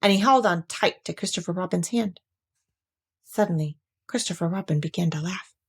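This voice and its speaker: A woman reading a children's storybook aloud with expressive, animated storytelling. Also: fairly low pitch, normal speed, husky.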